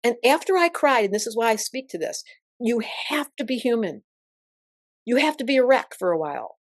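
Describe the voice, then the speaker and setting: An older woman, an astrologer guest in an interview, telling stories in an emphatic, expressive way. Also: on the high side, a little fast, no room sound, studio quality. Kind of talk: interview conversation.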